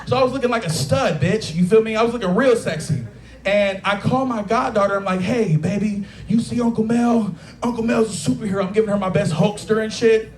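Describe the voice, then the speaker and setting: A man in his late twenties doing a profane, animated stand-up set, acting out quotes, on a taproom stage. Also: high voice. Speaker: stand-up comedian. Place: taproom stage with a live audience. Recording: echoey bar room with loud crowd laughter.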